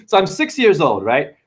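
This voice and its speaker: Fervent rambling man, highish voice. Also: breathy edge. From United States. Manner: rambling, fervent wordplay monologue. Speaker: guest. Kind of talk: casual chat.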